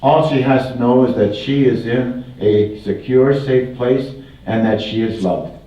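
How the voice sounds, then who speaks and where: A man's voice: mid-range voice, measured pace, dark tone. Older man, folksy guest speaker, distant and very echoey hall recording, dull sound. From Wisconsin, US. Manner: folksy, repeats phrases, jokes with an audience. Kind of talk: public talk with humor. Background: audience laughter.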